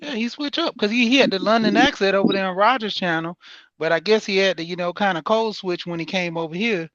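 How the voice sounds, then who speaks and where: A man chats loosely in slang on an online panel. His voice is high. The sound is dry and lo-fi. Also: fast talker, a bit bright, no room sound. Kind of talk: casual panel chat.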